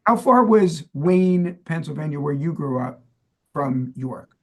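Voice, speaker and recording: A man's voice: fairly high pitch, expressive, unhurried, a little mellow, husky. A middle-aged man from New Jersey co-hosting a podcast, chatting loosely and quizzing his partner with plenty of fillers. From New Jersey, USA. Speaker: podcast co-host. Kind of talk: casual chat, trivia quiz.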